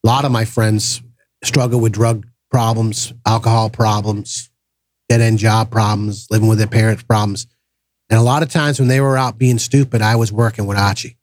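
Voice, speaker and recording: A middle-aged Massachusetts man tells personal stories as a guest on a podcast, his medium-pitched voice captured dry with clean studio sound. The conversation is casual, and he animatedly acts out the voices of the people he quotes.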